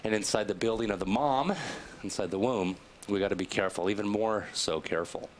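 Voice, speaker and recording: A man's voice: fairly low pitch, brisk, slight background noise. A man on a talk-show team answering a question in a folksy way, acting out little dialogues.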